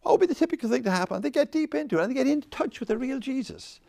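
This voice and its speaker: A man leading a faith discussion with an audience, rambling and animated, laughing often and restarting his sentences. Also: extremely high pitch, rapid-fire, vocal fry, no room sound, clean studio sound. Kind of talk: informal talk with audience questions.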